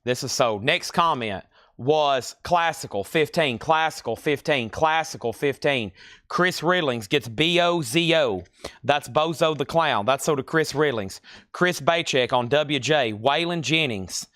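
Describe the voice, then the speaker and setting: A man with a rural American country accent, hosting a live-stream record sale and calling out titles and prices in brisk patter with dry, joking asides. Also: fairly high pitch, a bit bright, dry recording. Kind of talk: live auction sales patter.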